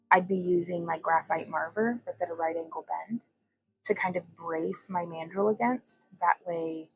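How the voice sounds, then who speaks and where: A woman's voice: fairly low pitch, breathy edge, rough recording. A young woman hosting a casual glass bead livestream from her home workbench, chatting and rambling as she greets viewers. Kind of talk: casual craft demonstration livestream.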